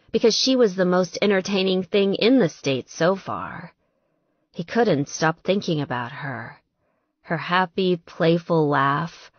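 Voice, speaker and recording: A woman reads a romance novel as a slow, expressive narrator. Her lowish voice moves a lot in pitch, telling the story with care. The recording is dry and a bit dull. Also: slightly rough, no room sound. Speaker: audiobook narrator.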